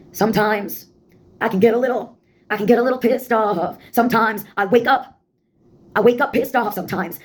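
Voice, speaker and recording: A woman delivering a rambling spoken-word monologue, blunt and full of swearing. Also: a little high.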